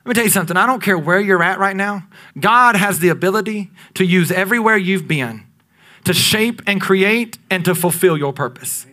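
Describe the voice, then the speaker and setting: Man preaching, high voice, bright and forceful, dynamic delivery, loud peaks to near-whispers. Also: moderate pace. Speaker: pastor. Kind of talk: sermon.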